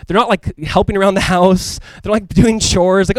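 A man preaching a sermon as a pastor in a casual, conversational and animated way, full of asides to the congregation. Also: sits high, normal speed, no room sound. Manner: animated, emphatic delivery.

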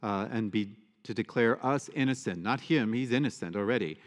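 A man's voice: fairly low pitch, moderate pace. Man preaching a conversational homily, big church echo. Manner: conversational, with fillers and asides to the congregation. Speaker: priest. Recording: long church reverb.

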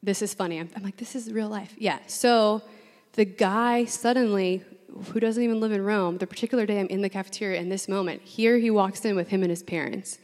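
A woman's voice: mid-range voice, a little fast. Chatty young woman in a reverberant hall. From New Orleans. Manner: chatty, animated, laughs often, filler 'like'. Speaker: speaker addressing a women's gathering. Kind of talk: personal storytelling talk. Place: large room with an audience.

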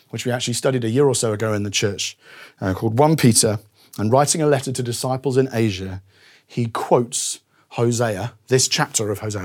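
A middle-aged man preaching a sermon as pastor, moving from soft, reflective reading to forceful, stressed points. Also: medium pitch.

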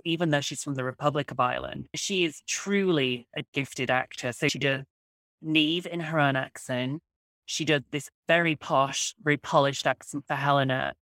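A woman author telling stories in an enthusiastic, quick interview chat. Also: deep voice, no echo. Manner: animated, quick storytelling. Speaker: author guest.

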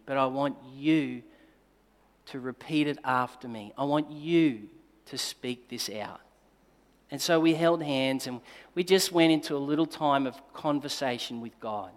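A male pastor telling a personal story in a sermon, moving between forceful emphasis and quiet, tender passages. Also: a little high. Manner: dynamic storytelling, swinging between loud emphasis and hushed, tender delivery. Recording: long reverb of a large hall.

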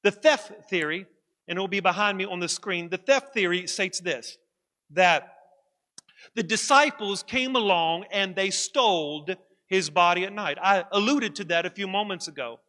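A man preaching from the pulpit with a high, ringing, bright voice. He hammers his points home and repeats them for weight. His voice carries a long church-hall reverb. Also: moderate pace. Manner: emphatic, repeats key lines for effect. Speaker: pastor. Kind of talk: sermon.

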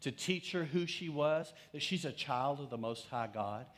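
A man's voice: fairly high pitch, expressive, moderate pace. A middle-aged male pastor preaching a sermon, telling a story and putting questions to his congregation.

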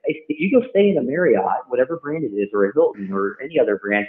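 A man's voice: medium pitch, big pitch swings. A man hosts a casual podcast chat, weighing his words and hedging with care. His voice comes through thin and phone-like, with a roomy echo around it. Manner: measured, thoughtful, hedging. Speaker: podcast host. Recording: tinny phone line in an echoey room.

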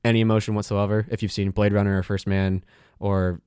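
A young man with a lowish, smooth voice co-hosts a movie podcast in relaxed, joking chat. The sound is dry and close, with no room around it. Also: a little fast, dry recording. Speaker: podcast co-host. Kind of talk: casual chat.

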